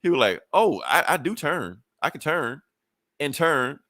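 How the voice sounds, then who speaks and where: On a podcast, a male co-host casually recaps a comic book, swearing freely and laughing as he acts out the characters' lines. His voice is fairly high and sing-song, with a measured pace and a sharp tone. The studio recording is clean, with no echo.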